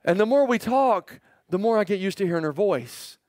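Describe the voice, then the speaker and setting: A middle-aged male pastor preaching a sermon, telling stories animatedly and acting out quoted voices with sudden jumps up and quiet drops. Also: high voice, lively intonation, normal speed, dry recording, studio quality.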